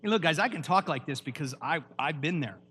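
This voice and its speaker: A man preaching a lively sermon at a church, emphatic and quizzing the congregation with questions. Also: a little high, fairly quick, husky. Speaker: pastor.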